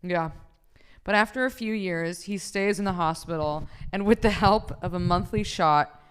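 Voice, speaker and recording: A woman's voice: on the low side, moderate pace, clear, resonant tone. A young woman hosting a casual podcast, reading listener stories aloud and reacting bluntly with lots of swearing. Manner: profane, laughing, blunt. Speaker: podcast host.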